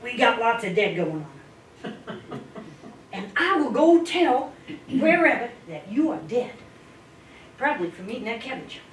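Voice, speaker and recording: A woman voicing a big, tough but dim-witted male wolf in a spoken folk tale, with a slow folksy drawl. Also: on the high side, very animated. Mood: eager. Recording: echoey room, distant mic, faint hiss.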